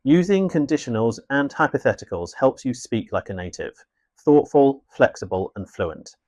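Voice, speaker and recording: A man narrating a scripted English lesson in a clear, measured, instructive way. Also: medium pitch, sing-song, a little mellow, no room sound. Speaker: English teacher.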